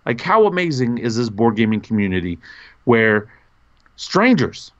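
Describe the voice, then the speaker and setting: Male podcast co-host, enthusiastic and effusive, average pitch, dull lo-fi recording. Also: normal speed. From North Carolina, USA. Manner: gushing, animated, pitch jumps when excited. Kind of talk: casual podcast chat.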